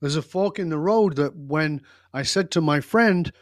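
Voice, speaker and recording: A man's voice: a little high, normal speed, no echo, clean studio sound. An older man, a podcast guest, telling stories from his life in an emphatic, intense and blunt way. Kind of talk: reflective storytelling in an interview.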